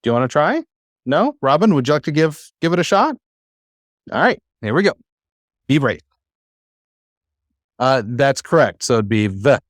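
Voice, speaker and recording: A man's voice: mid-range voice, big pitch swings, normal speed, long pauses, no room sound, clean studio sound. A man teaching a class, who explains patiently and coaxes his students to try reading aloud. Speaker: Hebrew teacher.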